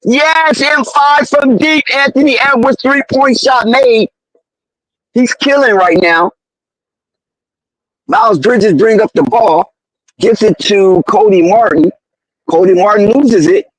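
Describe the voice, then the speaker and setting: A very high-voiced man calls a basketball game play by play, excitable and slangy. He keeps protesting the referees. His voice is dry and close, with no room sound. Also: slow pace, long pauses, no room sound, low-quality recording. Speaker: live game commentator. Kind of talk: fan play-by-play commentary.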